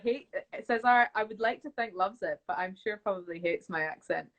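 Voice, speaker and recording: A young woman, chatting casually as a guest on a live video call and telling animated stories with bits of impressions. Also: medium pitch, fairly quick, a crowd in the background. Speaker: actress guest. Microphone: phone on a video call.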